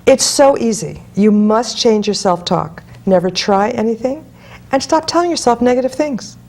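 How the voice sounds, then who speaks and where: Gravelly, mellow-voiced woman hypnotist. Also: a little high, lively intonation, normal speed. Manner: blunt, emphatic, retells dialogue with clients. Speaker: hypnotist guest. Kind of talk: interview storytelling.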